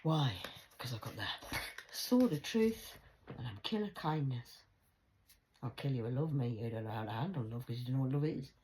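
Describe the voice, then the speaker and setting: A woman with a low voice talks into her phone alone at home at night. She rambles, swears freely, and swings from hushed whispers to sudden loud outbursts. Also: brisk, a little hiss or hum. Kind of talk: late-night solo phone vlog. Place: at home indoors.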